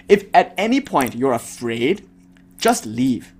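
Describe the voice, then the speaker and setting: With a fairly high, sing-song voice and a brisk pace, a man speaking as a spiritual teacher lets his devotional talk slide into a blunt, fervent rant. He swears freely and makes fun of the questioners he pictures in his head.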